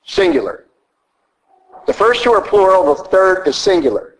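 A man's voice: high voice, very animated, normal speed, rough recording. A man with a Southern American accent preaching a sermon, emphatic and teacherly, often asking rhetorical questions.

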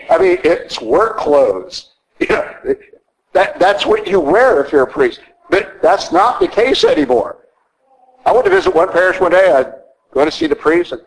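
A man's voice: sits high, huge pitch swings, normal speed, vocal fry, rough recording. Blunt conversational man preaching a sermon. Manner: blunt, conversational preaching with frequent "okay?" asides. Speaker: priest. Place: church.

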